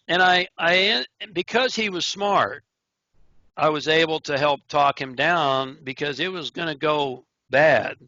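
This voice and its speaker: American guy on a call acting out his story, punchy bright tone, kinda muffled audio. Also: fairly high pitch, unhurried, no room sound. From United States. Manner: animated storyteller, acts out dialogue. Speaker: interview guest. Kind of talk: recounting prison stories in an interview. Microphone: video call. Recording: dull, lo-fi remote call audio.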